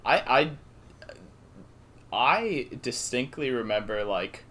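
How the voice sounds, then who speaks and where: A man's voice: medium pitch, lively intonation, slow pace, sharp tone. A young man co-hosting a casual comedy podcast, joking around in a playful, mock-announcer way and often stammering and restarting. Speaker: podcast co-host.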